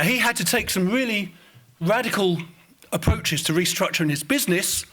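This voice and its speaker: Male conference speaker, Estuary English accent, higher voice, informal and audience-facing. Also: a bit bright. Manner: informal, addresses audience directly. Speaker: conference speaker presenting research. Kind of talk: conference presentation.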